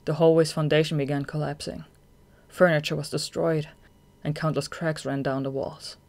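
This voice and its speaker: Measured fan audiobook narrator. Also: mid-range voice, little pitch movement, a little mellow.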